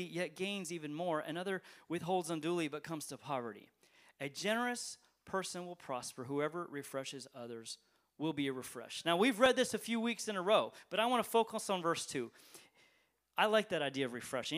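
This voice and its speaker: A man pastor preaching a sermon to a church congregation, conversational, asking rhetorical questions, swinging between loud emphatic lines and quiet ones. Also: high voice. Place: church service, streamed online.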